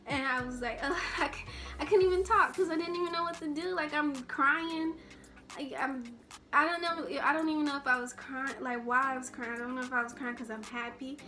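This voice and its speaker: A woman's voice: high voice, fairly even intonation, brisk, pushed and bright, faint music behind. A young woman telling a personal story in a casual storytime vlog, rambling and full of restarts. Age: young adult. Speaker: vlogger.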